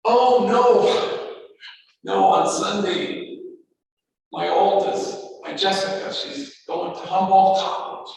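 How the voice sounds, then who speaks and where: A man's voice: high-pitched, slow pace, creaky, pauses often, a little mellow, pitched above the performer's own voice, heavily acted. A man voicing a worried middle-aged father asking for a favor, pleading in a raised voice. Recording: echoey hall from far off.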